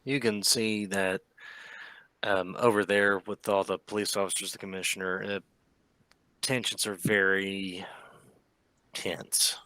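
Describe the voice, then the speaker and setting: Male game master, lowish voice, unhurried storytelling, dry mic. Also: flat delivery, sharp tone, clean tone, dry recording. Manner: slow, measured storytelling with voiced lines. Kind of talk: narrating a tabletop game.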